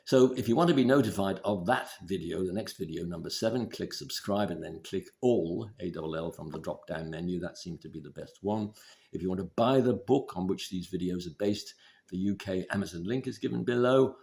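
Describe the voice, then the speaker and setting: A man giving relationship advice in a measured, deliberate instructional talk. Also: low-pitched, vocal fry. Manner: measured, deliberate, steady explaining.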